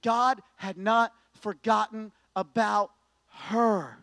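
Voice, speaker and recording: A man preaching a sermon, telling a story with lively swings from hushed to loud, emphatic repetition. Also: fairly high pitch, normal speed. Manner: repeats words when starting sentences. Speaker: pastor.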